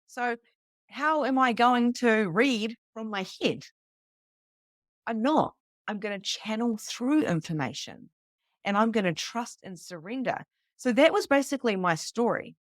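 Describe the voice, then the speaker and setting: A New woman in her thirties telling a personal story to a live group, animated and casual, swearing freely. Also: a little high, unhurried, no room sound, studio quality. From New Zealand. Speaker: psychic medium teaching beginners.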